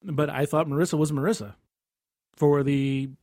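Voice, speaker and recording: A man co-hosting a podcast, telling anecdotes in a casual, animated way and often laughing mid-story. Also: a little high, normal speed, no room sound, clean studio sound.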